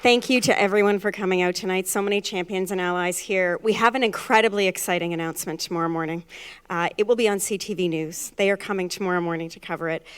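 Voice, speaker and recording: A woman's voice: lowish voice, fairly even intonation, quick pace, smooth. A woman hosting a live event, thanking speakers and making announcements. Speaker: event host.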